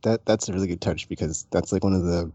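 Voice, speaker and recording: A man in casual gaming chat who talks in an animated, sarcastic way and acts out quotes. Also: low voice, fast, no room sound, muffled recording.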